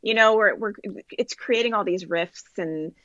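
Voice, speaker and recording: Lively Jamaican-born woman telling stories. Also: medium pitch, moderate pace, no room sound, lo-fi sound. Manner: animated storytelling, laughs often, acts out quoted voices. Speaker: comedian, guest. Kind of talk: interview conversation.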